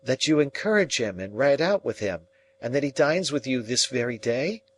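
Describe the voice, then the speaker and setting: A man's voice: medium pitch, lively intonation, normal speed, slight background noise, voice pushed up, natural voice. A man reading the part of an anguished young man pleading with the woman he loves, in a storybook reading. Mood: pressing. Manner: pleading, earnest, emotional.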